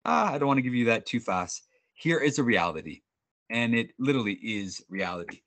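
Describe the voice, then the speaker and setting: Bright, upbeat male sales trainer. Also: mid-range voice, brisk. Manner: upbeat, animated, jokey, with frequent restarts. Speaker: sales trainer presenting a webinar. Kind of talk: energetic workshop presenting. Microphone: video call.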